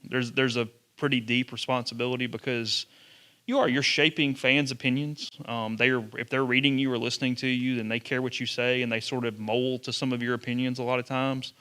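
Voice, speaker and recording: Bright-voiced man telling stories. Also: medium pitch, brisk, smooth. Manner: animated storyteller, acts out quotes. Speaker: sports journalist and podcaster. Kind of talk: storytelling talk to students.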